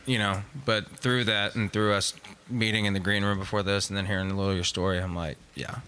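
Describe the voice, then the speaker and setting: Male panelist, lowish but bright and forceful voice, rambling chatter. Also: flat delivery, fast talker, slight background noise. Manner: chatty, rambling, filler-heavy. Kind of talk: casual talk show chat.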